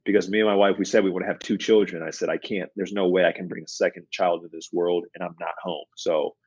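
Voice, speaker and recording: Earnest husky man telling his story. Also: deep voice, fairly even intonation, quick pace, a little mellow, no echo, muffled recording. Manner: earnest, reflective, repeats phrases for emphasis. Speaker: guest, former pro basketball player and mindset coach. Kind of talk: conversational interview storytelling.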